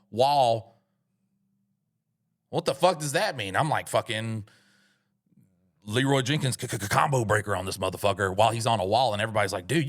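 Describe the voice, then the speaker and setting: A man co-hosting a podcast, telling a rambling comic story full of swearing. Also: on the low side. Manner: profane, rambling, animated. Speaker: podcast co-host. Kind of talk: comedic storytelling.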